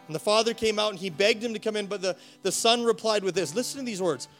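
A man's voice: high voice, animated, fairly quick, hardly any pauses, soft background music. A male pastor preaching a sermon with rising passion, repeating words as he builds his point. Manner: impassioned, rising to emphatic preaching.

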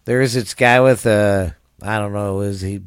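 A man's voice: lowish voice, steady tone, normal speed, smooth, no echo, studio quality. A tired man hosting his own podcast in loose, rambling, crude casual chat, coughing and trailing off. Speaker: podcast host.

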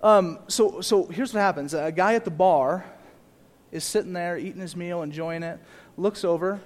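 A young man preaching a sermon with a fairly high voice. He drops to quiet, almost conversational asides, then builds to loud, emphatic repeated phrases for the congregation. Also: normal speed. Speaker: pastor.

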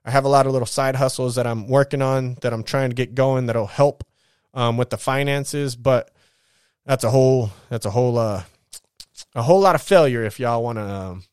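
A man's voice: mid-range voice, normal speed, darkish tone, smooth, no room sound, studio quality. A man in his thirties telling his life story in a casual, rambling monologue, blunt and full of swearing and slang.

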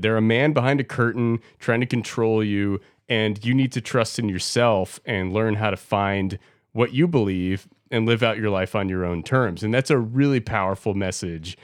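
A man's voice: on the low side, no echo, studio quality. A man co-hosting a casual podcast, blunt and opinionated, swearing as he makes his points. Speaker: podcast co-host. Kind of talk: casual chat reviewing a film.

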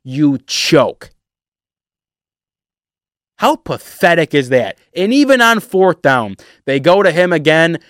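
A man delivering a heated, emotional sports rant to his viewers, animated and sarcastic. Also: fairly high pitch, takes it slowly, long pauses, dry recording, studio quality. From Detroit area. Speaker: sports fan vlogger. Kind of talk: ranting sports commentary.

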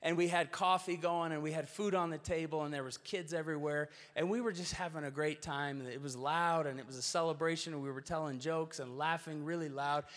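A man's voice: fairly high pitch, steady tone, fairly quick, few pauses, fairly bright tone. A man preaching a sermon, earnest and storytelling, with shifting emphasis. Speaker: pastor. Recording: long hall reverb.

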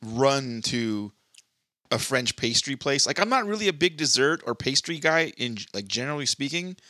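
Bright-toned, laid-back male podcast co-host. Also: medium pitch, animated, moderate pace, dry recording, studio quality. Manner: laid-back, profane, chiming in with questions. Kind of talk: casual chat.

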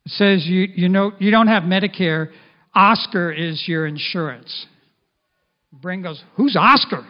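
A middle-aged male pastor preaching a sermon in an animated way, at times speaking in the first person as Jesus. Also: sits high, measured pace. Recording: dull lo-fi sound.

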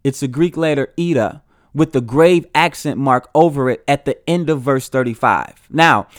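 A man's voice: medium pitch, normal speed, no echo, clean studio sound. A man giving an earnest recorded Bible teaching, often repeating and restarting his phrases as he explains.

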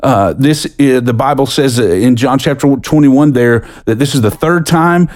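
This sermon comes from a middle-aged pastor from the United States who speaks earnestly, his pitch climbing and tempo quickening as emotion builds. He turns quiet and low whenever he reads from scripture.

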